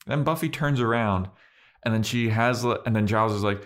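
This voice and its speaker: A man co-hosting a podcast, casually recapping a TV episode in a rambling, filler-heavy way and slipping into quick character voices. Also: fairly low pitch. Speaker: podcast co-host.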